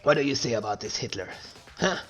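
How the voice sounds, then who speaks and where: A man's voice: medium pitch, lively intonation, fast, a bit bright, soft background music. A man casually commenting while he plays a video game, joking and reading the game text aloud. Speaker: let's play gamer.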